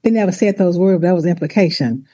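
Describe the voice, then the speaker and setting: A woman telling her story in an interview, speaking deliberately, with restarts and the odd laugh. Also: lowish voice, lively intonation, dark tone, dry recording. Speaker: former university president, author. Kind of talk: interview, personal account.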